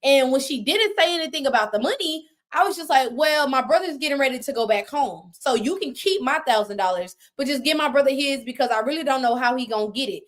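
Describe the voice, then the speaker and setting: A woman guest on a live video call, telling her story in casual, animated talk, acting out what people said with slang and swearing. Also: high-pitched, fast talker, hardly any pauses. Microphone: phone on a live video call.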